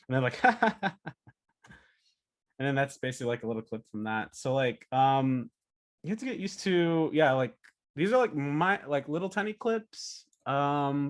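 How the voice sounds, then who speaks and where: A man giving a casual talk as a storyboard artist, chatty and animated, acting out cartoon pitches. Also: moderate pace. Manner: animated, chatty, many fillers and laughs.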